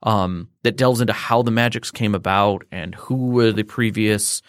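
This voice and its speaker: A man's voice: lowish voice, moderate pace, dry recording, studio quality. A man explaining a tabletop game system in casual chat, rambling with fillers and restarts.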